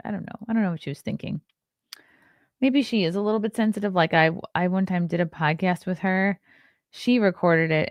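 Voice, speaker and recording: A tired woman hosting a morning chat show, talking in a loose, rambling way and reacting to viewer comments. Her voice sits a bit low for a woman, and it is recorded dry and close. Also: no echo. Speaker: podcast host.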